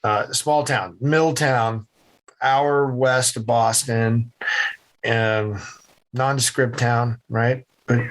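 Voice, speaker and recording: A middle-aged man from central Massachusetts, a podcast guest telling his story with animated, acted-out voices. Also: medium pitch, very slow. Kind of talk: storytelling interview answers.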